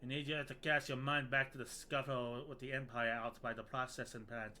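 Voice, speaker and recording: A man voicing a blunt, worried male mercenary captain in a put-on rough British-style accent, reading game dialogue in a gruff, slangy way. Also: mid-range voice, flat delivery, fairly quick, pushed and bright, a little hiss or hum. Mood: gruff, confiding.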